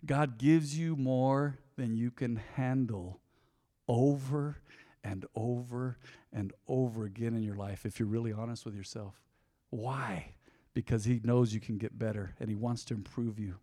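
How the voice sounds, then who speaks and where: A male pastor preaching a sermon, telling a personal story in a conversational way, swinging between loud emphasis and soft asides. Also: medium pitch, fairly even intonation, unhurried. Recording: long reverb of a large hall.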